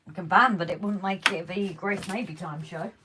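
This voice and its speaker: A woman's voice: on the low side, moderate pace, noisy background. A woman co-hosting a casual home live stream, chatty and teasing, often laughing. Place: home hobby room.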